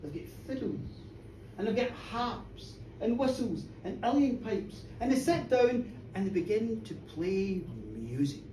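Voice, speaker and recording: Live male folk storyteller, expressive and theatrical, mic some distance away in a reverberant pub. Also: high-pitched, unhurried, slight background noise. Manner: dramatic and animated, with sound effects and screams. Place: pub stage with an audience. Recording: roomy live bar from far off.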